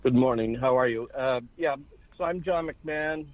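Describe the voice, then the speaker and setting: A man's voice: mid-range voice, moderate pace, no room sound. Man in his 60s with a Boston accent on a tinny phone line. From Ireland. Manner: steady, conversational storytelling with fillers. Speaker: guest. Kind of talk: phone interview, personal story. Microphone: phone call.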